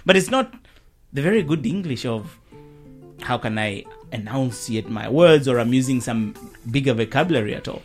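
A man from Africa hosting a conversational discussion, speaking in a measured, reflective way. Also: medium pitch, lively intonation, soft background music. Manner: measured, reflective, uses quoted voices.

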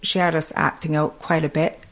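A woman's voice: low-pitched, little pitch movement, brisk. Chatty woman with a Kwakwala-tinged accent. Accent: Kwakwala-influenced English. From Alert Bay, Canada. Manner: chatty, laughs often, many fillers. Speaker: interviewee. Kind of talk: casual storytelling.

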